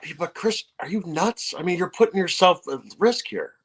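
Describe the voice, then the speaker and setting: A male talk show host with a somewhat high voice questions his guest. He speaks haltingly and often restarts his sentences, filling pauses as he searches for words. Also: expressive, husky. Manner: hesitant, halting with fillers and restarts. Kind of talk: interviewing a guest.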